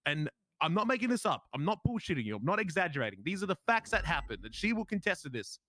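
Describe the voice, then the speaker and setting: A man's voice: sits high, very animated, fast talker, pushed and bright, no echo. A man with an Australian accent playing a police officer in a role-play game, telling his story in an indignant, emphatic way.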